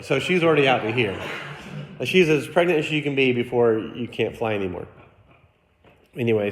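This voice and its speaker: Pastor telling a story in an echoey church. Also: male voice, mid-range voice. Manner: storytelling with acted quotes and questions to the congregation. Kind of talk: sermon. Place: church sanctuary.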